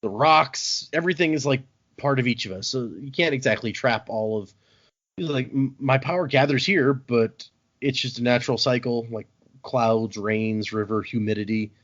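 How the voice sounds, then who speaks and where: A man hosting a podcast, casually recapping a book chapter and acting out the characters' lines in an animated way. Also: medium pitch, normal speed. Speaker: podcast host. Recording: dull lo-fi audio.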